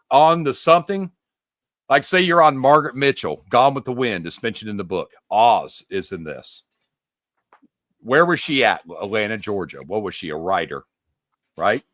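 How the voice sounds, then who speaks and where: Lively, emphatic man in a dry-sounding room. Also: mid-range voice, no room sound. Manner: emphatic, rambling, mildly profane. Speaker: podcast co-host. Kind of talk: casual chat, explaining puzzle clues.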